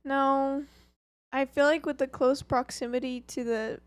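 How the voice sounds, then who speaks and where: A woman with a slightly high voice who giggles often as she banters. She co-hosts a casual livestream and reads out viewer comments. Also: fairly even intonation, measured pace. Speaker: livestream co-host reading chat.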